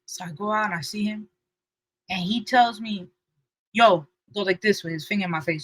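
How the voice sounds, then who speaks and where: A young woman co-hosting a podcast, telling a story in animated casual chat and acting out the people she quotes. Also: normal speed, no room sound, low-quality recording. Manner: lively, acts out quotes with shifting pitch and loudness. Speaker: podcast co-host.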